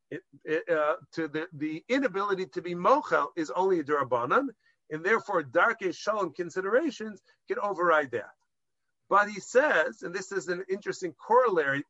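A man's voice: high voice, pushed and bright, dry recording, dull audio. A man giving a Jewish law lesson to a class, explaining step by step and mixing Hebrew terms into English, with some hesitant restarts. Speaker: rabbinic lecturer.

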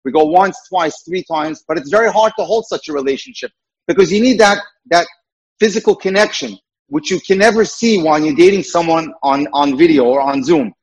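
A man's voice: fairly high pitch, fairly quick, husky, dull audio. A man working as a dating mentor, giving an earnest lecture full of rhetorical questions.

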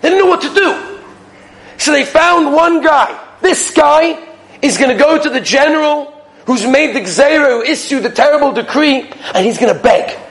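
A man giving a weekly Torah lecture, an animated storyteller who acts out the dialogue and swings between loud exclamations and soft asides. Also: very high voice, normal speed, poor audio. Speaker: Torah teacher.

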